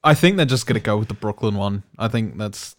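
A man's voice: on the low side, lively intonation, brisk. An Australian man co-hosting a casual podcast, blunt and sweary, with jokey mock voices. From South Australia. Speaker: podcast co-host. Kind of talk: casual chat.

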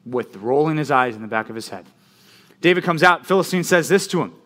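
A man preaching a casual youth sermon, telling the story in a chatty, animated way with lots of fillers. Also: on the high side, a little fast. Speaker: youth pastor.

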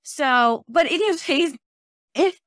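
A woman hosting a podcast in casual conversation, animated and full of fillers and restarts. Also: high voice, slow, no echo, studio quality. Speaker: podcast host.

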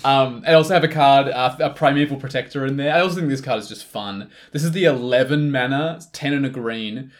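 A man co-hosting a casual podcast, talking in a relaxed, enthusiastic way. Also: medium pitch, a little fast, hardly any pauses. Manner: relaxed, enthusiastic, laughs easily. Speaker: podcast co-host. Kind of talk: casual chat about card games.

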